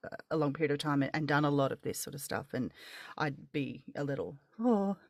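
A woman's voice: sits low, steady tone, quick pace, vocal fry, dry recording, clean studio sound. A woman hosting a casual interview, chatty and rambling, with many restarts and laughs. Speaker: podcast host.

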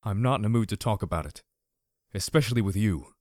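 A man's voice: lowish voice, brisk, darkish tone, no echo, clean studio sound, natural voice. A man doing a brittle, trembling young stallion. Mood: cross. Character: stoic young stallion pony, now raw and brittle. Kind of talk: audiobook character voice.

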